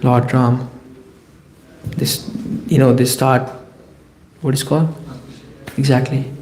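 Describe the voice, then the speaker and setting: A man giving a scripture class lecture, telling the story in a lively way and speaking in the voices of the people in it. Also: mid-range voice, slow pace, echoey room, slight background noise, rough recording. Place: temple hall.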